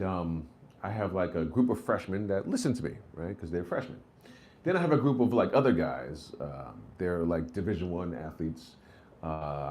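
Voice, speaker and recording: Animated, foul-mouthed man doing stand-up. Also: fairly low pitch, slight background noise. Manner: profane, animated storytelling with lots of "like" and "right?". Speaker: stand-up comedian. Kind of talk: live stand-up set.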